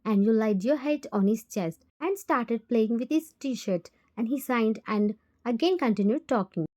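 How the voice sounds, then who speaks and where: A woman narrating a fan fiction story in the second person, in a plain, steady voiceover. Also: fairly high pitch, measured pace.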